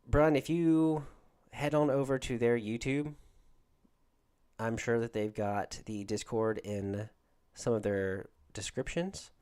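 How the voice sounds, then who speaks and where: A man's voice: medium pitch, steady tone, takes it slowly, a little mellow, clear, resonant tone. A man from Georgia with a Southern accent, hosting a casual livestream and chatting with viewers in a rambling way. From Georgia, USA. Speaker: livestream host.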